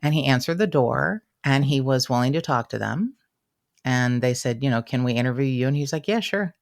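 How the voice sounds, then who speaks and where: A woman's voice: a bass voice, fairly even intonation, fairly quick, creaky. A woman co-hosting a casual true-crime podcast, retelling a conversation with quoted back-and-forth, blunt and self-mocking, with some swearing. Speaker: podcast co-host.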